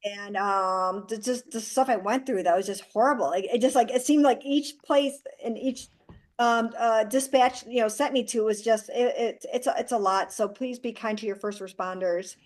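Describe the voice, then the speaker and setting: A woman in her forties, a guest actress, chatting in an interview in a direct, animated way. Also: fairly high pitch, moderate pace. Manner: direct, animated storyteller who acts out quoted dialogue. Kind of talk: casual interview chat.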